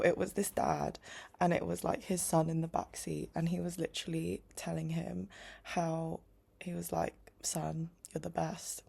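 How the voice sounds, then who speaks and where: A young woman talks to camera in a loose, rambling vlog, full of fillers and restarts. Her voice sits slightly low and has a gravelly, fry-laden edge. At times she sinks into a soft whisper, as if keeping quiet at home. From United Kingdom. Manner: chatty, rambling, often drops to a whisper; many "like" fillers, self-interrupting. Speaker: vlogger. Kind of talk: casual vlog chat.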